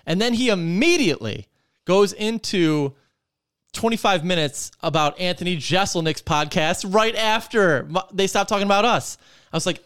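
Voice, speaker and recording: Podcast guy ranting and cursing, smooth clear voice, kinda high, dead dry mic. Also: normal speed, no echo. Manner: profane, rambling, animated ranting with many fillers. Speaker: podcast host. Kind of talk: casual ranting chat.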